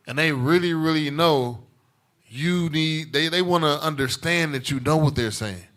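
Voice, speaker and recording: A man's voice: a little high, moderate pace, a bit bright. A man teaching scripture in an emphatic preaching style, repeating points and checking in with "all right?" after nearly every line. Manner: emphatic, repetitive, calls for responses, tag questions. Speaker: teacher leading a scripture class. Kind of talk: preaching Bible class.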